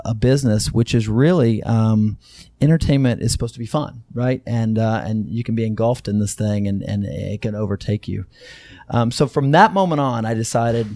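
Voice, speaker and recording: A middle-aged man from Texas talks through his story as an interview guest, circling back with frequent fillers and restarts. His voice sits low and mellow. The recording is dry and close. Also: no room sound. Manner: rambling, many fillers and restarts. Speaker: guest, company co-founder.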